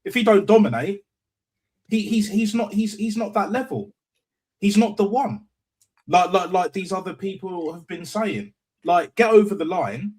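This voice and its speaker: A man's voice: high voice, normal speed, darkish tone. A man ranting bluntly in a heated football call-in, stumbling over repeated words and swearing. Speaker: call-in panelist.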